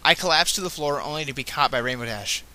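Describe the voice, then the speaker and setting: A man's voice: a little high, fast, sharp tone. A man reading fan fiction aloud, breaking off with casual, self-correcting asides. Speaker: reader.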